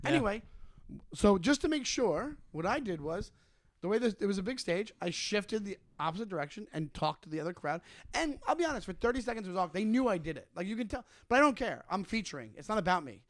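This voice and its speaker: A man with a notably high voice co-hosting a comedy podcast, spinning a rambling, animated story full of restarts and swearing. He is close on the mic in a dry, dead room. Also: fast talker, dry recording. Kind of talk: casual chat, storytelling.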